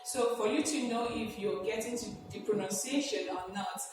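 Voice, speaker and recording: A woman from Nigeria, a guest teacher, giving a slow, deliberate lesson with some fillers. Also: a little high, over music. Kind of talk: classroom-style lesson. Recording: echoey hall from a distant mic, noisy.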